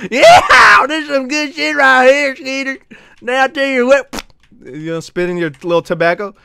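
A man's voice: fairly high pitch, smooth, natural voice. A man voicing a rowdy, boastful redneck cowboy with a drawling twang who whoops and rambles.

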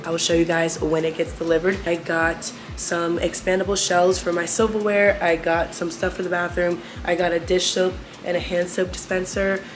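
A woman's voice: fairly low pitch, reverberant. A young woman in her twenties chatting casually to viewers while unpacking and tidying her new apartment. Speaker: vlogger. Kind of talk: casual vlog narration. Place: apartment kitchen, indoors.

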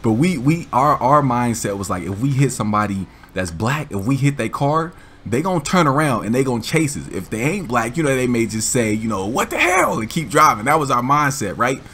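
A man hosting a gaming channel, telling a story in a casual, animated, slangy way with frequent laughs. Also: medium pitch, a little fast, slight background noise.

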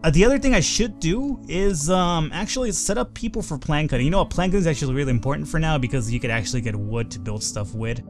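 A man's voice: on the high side, lively intonation, fast talker, hardly any pauses, over music. Foul-mouthed man narrating gameplay. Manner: thinks aloud, swears freely when frustrated. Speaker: let's play host. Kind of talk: casual gameplay commentary.

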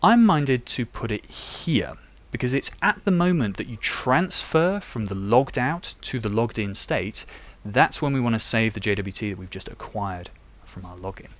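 A young developer live-codes on stream for a tutorial, chatting and thinking aloud as he works. His medium-pitched voice is expressive, at normal speed with hardly any pauses, and the recording is dry.

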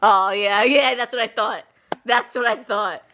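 A woman's voice: a little high, fairly even intonation, a little slow, pushed and bright. A pregnant woman vlogging casually at home, pleading and teasing in playful banter. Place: home living room.

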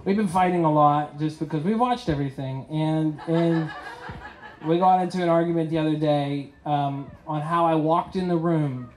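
Man, stand-up comedian, high voice, acted-out dialogue, faint room noise. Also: normal speed, darkish tone, echoey room, low-quality recording.

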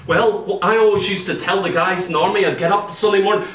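A man with an Irish accent preaching a sermon, telling stories in a lively way and acting out what people said. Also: high voice, fast, hardly any pauses. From Ireland. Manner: lively storytelling, acts out quoted speech. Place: church. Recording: echoey church room, mic at a distance.

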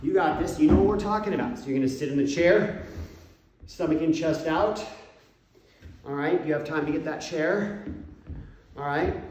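A man's voice: fairly high pitch, moderate pace, long pauses, a little mellow. A man leading a home workout as a fitness coach, counting out reps and encouraging the listener. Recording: very echoey room, mic far off.

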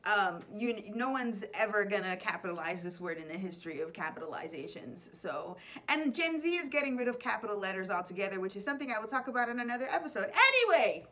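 Bright, chatty woman teacher explaining slang. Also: medium pitch, quick pace, hardly any pauses, slight background noise. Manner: chatty, laughs often, animated quotes. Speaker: teacher and show host. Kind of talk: playful vocabulary explainer.

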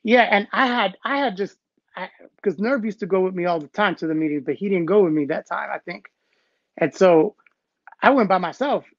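Man telling a lively story over a call. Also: high-pitched, normal speed, dry recording. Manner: animated, acts out quotes from others. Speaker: interview guest, b-boy. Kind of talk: casual storytelling. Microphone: phone or call audio. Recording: dull, dry call audio.

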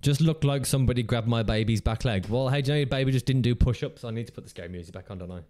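A man's voice: medium pitch, racing, darkish tone. A man hosting his own channel, chatting casually and rambling through jokes and playful swearing while reacting to videos. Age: adult parent of a teenager. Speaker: channel host.

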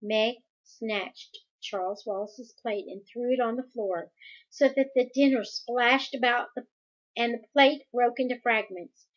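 Woman, reading a novel aloud, gentle, slow, slightly husky, dull lo-fi recording. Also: fairly high pitch, fairly even intonation. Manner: gentle, ends with a spoken blessing. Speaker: reader of a children's novel.

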